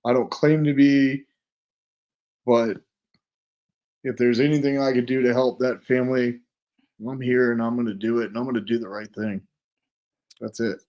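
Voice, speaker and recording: A man guesting on a podcast, talking in halting, emotional bursts. He breaks off, restarts, and pokes fun at himself. His voice sits mid-range. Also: medium pitch, fairly even intonation, a little mellow, lo-fi sound. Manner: halting, emotional, self-deprecating. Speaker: guest witness.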